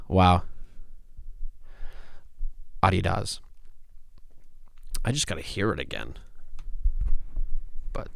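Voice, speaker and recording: Gravelly, low-voiced excitable man. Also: dry recording, clean studio sound. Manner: excitable, exclamatory, swears casually. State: stuffy, congested. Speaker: podcast host. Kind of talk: casual solo podcast chat.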